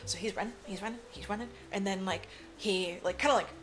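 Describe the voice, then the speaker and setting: A woman's voice: medium pitch, quick pace, faint music behind. A woman co-hosting a podcast, casually recapping a film and acting out the characters' lines, with plenty of fillers and swearing. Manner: swears freely, lots of "like" fillers. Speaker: podcast co-host. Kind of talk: casual movie recap chat.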